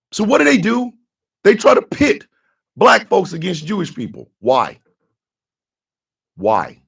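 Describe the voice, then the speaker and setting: A man from the United States hosting a radio morning show, giving fiery, profane commentary that bursts into shouting. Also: high voice, vocal fry, slightly rough.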